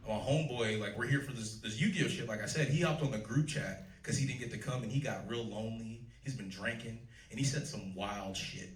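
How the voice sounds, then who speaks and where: On stage at a club, a man in his thirties does stand-up for a live crowd and laughs at his own jokes. He talks a little fast with hardly any pauses in a fairly low voice, picked up by a distant mic in the club's roomy acoustics.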